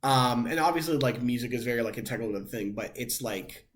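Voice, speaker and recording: Young guy podcast cohost, rambly casual chat, mid pitch, lots of likes. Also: fast talker, a bit bright. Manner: rambling, many "like" fillers. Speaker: podcast co-host.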